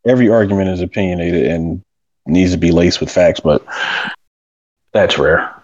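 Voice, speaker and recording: A man in casual podcast chat, arguing his points slowly. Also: sits low, darkish tone, no echo, dull audio.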